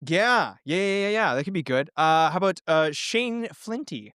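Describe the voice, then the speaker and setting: A man's voice: high voice, expressive, normal speed, fairly bright tone, clean tone, dry recording, studio quality. A man hosting a podcast, casually planning a mystery story and thinking aloud as he leads the game. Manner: thinking aloud, with frequent ums and restarts. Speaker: game master and podcast host.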